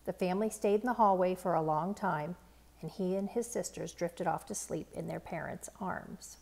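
A woman reading a children's picture book aloud in a measured, earnest narration. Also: fairly low pitch, creaky, darkish tone, breathy edge. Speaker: storybook reader.

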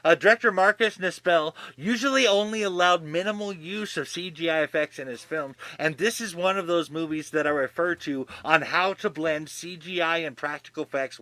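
A man's voice: a little high, bright, forceful tone, dry recording. A man co-hosting a podcast in casual chat, rambling with many restarts and freely swearing. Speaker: podcast co-host.

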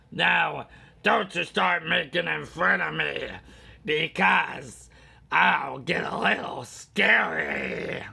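A man doing an impression of a menacing grinning villain, loud and taunting. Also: fairly high pitch, takes it slowly, creaky, breathy edge, exaggerated voice.

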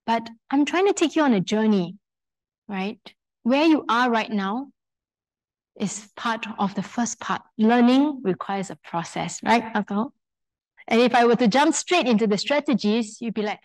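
Lively Singaporean woman leading a workshop. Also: on the high side, unhurried, rough recording. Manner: lively storyteller, acts out quoted speech; engages audience with questions and polls. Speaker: workshop speaker. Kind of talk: live workshop talk to an audience.

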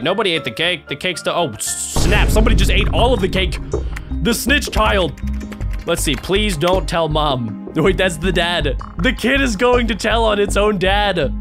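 A young man doing an excited video reaction commentary, yelping, laughing and reading lines aloud in passing. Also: sits high. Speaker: gaming reaction host.

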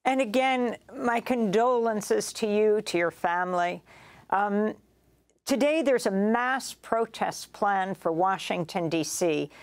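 A woman hosting a news interview, asking questions in a measured, gentle way. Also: mid-range voice. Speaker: news host.

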